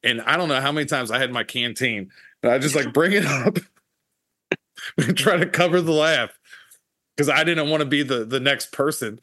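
Bright-voiced man hosting a casual podcast. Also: mid-range voice, moderate pace, dry recording, clean studio sound. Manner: relaxed, profane, reflective. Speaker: podcast host, Marine veteran.

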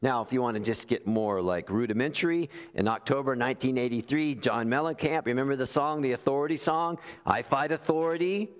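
A man's voice: medium pitch, a little fast, few pauses. A man preaching a sermon, telling stories animatedly and acting out quoted voices. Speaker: pastor. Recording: long hall reverb.

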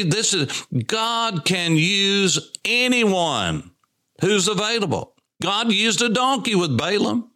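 Animated, bright-voiced male Bible teacher. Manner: animated, swings pitch widely for emphasis. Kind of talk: sermon-style Bible teaching.

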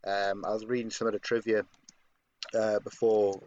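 A man's voice: fairly low pitch, little pitch movement, normal speed, a little mellow. A man co-hosting a casual podcast, hesitant, with many ums and restarts. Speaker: podcast co-host. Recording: dull lo-fi mic with faint noise.

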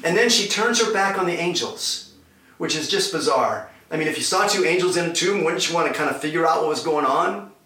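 A male pastor preaching a sermon and retelling scripture as an animated story, heard from a distance in an echoey room. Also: a little high, a little fast.

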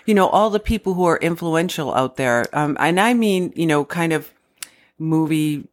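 A woman's voice: sits low, animated, moderate pace. A woman co-hosting a podcast, who chats in an upbeat and self-deprecating way. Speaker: podcast co-host. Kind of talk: casual podcast chat.

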